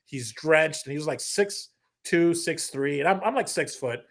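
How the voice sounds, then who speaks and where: A middle-aged man, a comedian guest, telling a story in casual chat, animated, with many restarts and quoted asides. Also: on the high side, normal speed.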